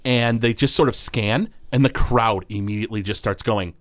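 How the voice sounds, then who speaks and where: A man's voice: lowish voice, moderate pace, noisy background. A man running a tabletop game as game master, narrating with lots of fillers. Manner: rambling, many fillers.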